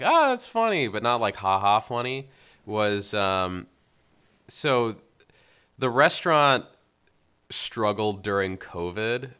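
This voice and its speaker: A young man co-hosting a podcast, casually recapping a film plot in a relaxed, filler-heavy way. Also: lowish voice, clear, resonant tone. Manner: relaxed storytelling, many fillers. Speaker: podcast co-host. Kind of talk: casual film review chat.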